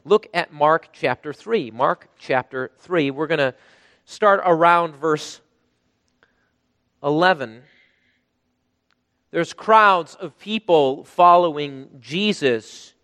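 A man preaching a sermon, emphatic, rising to loud bursts when he quotes. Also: on the high side, takes it slowly, long pauses, no echo, big-room sound. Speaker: pastor.

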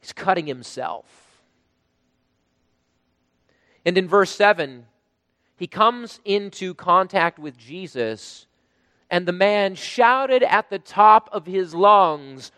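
A man preaching a sermon, emphatic, rising to loud bursts when he quotes. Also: high voice, expressive, slow pace, pauses often, dry recording, in a large hall. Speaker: pastor.

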